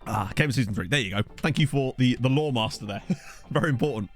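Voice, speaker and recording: A man's voice: medium pitch, fast talker. Man, streamer, gameplay commentary, giggly and sweary, desk mic, faint music underneath. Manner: chatty, giggly, swears freely. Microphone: desk USB condenser mic.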